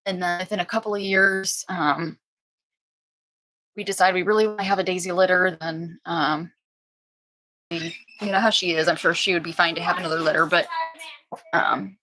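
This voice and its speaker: A woman's voice: steady tone, normal speed, long pauses, bright, forceful tone, slight background noise, rough recording. Chatty woman hosting a home live stream. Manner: chatty, coos in high baby talk to puppies. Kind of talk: casual live-stream chat. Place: indoors at home.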